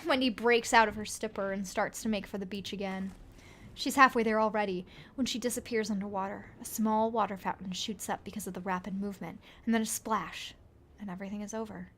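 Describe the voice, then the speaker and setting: A woman's voice: medium pitch, expressive, moderate pace, bright, forceful tone. A woman reading an interactive story aloud, adding playful joking comments and laughing often. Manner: playful, laughs often, jokes between read passages.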